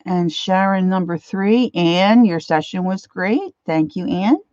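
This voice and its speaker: A woman's voice: lowish voice, lively intonation, unhurried, darkish tone, no room sound. An older woman hosts an art livestream and chats casually, greeting viewers one by one by name. She is chatty and a little emotional. Her voice comes through slightly muffled and dry from a computer mic set too far away. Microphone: computer mic, set far from her face.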